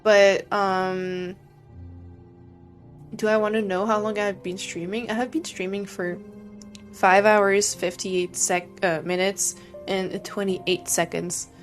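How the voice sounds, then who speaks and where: A woman's voice: medium pitch, little pitch movement, slow pace, soft background music. A young woman streaming a game, chatting casually and sleepily with her chat, rambling with many fillers.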